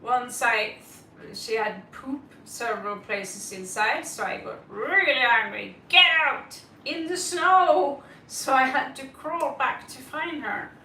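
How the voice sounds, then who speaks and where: A woman's voice: on the high side, unhurried, hardly any pauses, sharp tone, distant mic, a little hiss or hum. A woman hosting a live tarot stream, chatting casually and greeting viewers by name as she rambles. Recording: roomy, set back from the mic.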